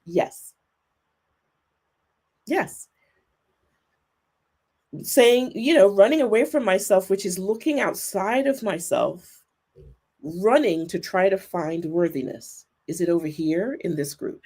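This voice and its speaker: Brief: woman guest, mid-pitched, earnest and thoughtful, remote call. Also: lively intonation, darkish tone. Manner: thoughtful, earnest, speeds up and slows down. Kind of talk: reflective conversation. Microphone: remote video call.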